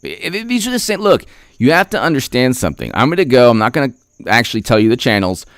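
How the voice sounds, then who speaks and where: A man giving a heated, sarcastic political commentary rant, repeating himself and clearing his throat often. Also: mid-range voice, sing-song, fast talker, no echo, studio quality. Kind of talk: opinion rant vlog.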